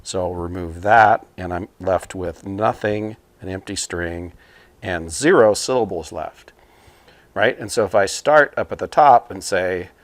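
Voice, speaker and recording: A man teaching computing, talking a class through a problem at a whiteboard in a relaxed, explanatory way with frequent fillers. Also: sits low, a little slow, no echo. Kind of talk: casual whiteboard lesson explanation. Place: small room at a whiteboard.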